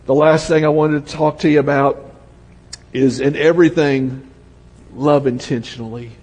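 Older Southern male pastor, husky, storytelling sermon, long church reverb. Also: fairly high pitch, fairly even intonation, normal speed. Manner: storytelling, drops to a soft hush for emotional moments.

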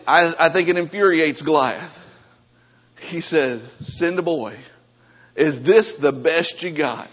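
A man delivers a sermon in a slightly high voice, swelling from hushed prayer to fervent preaching. His words ring through a large church sanctuary with a long tail of reverb, and the recording sounds somewhat dull and muffled. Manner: builds from quiet prayer to fervent, rising preaching.

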